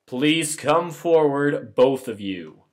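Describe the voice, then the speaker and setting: A man reading game dialogue aloud as a gentle, solemn young prince of darkness, putting on a bad French accent. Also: a little high, animated, slow pace, pitched above the performer's own voice. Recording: game music playing clearly behind.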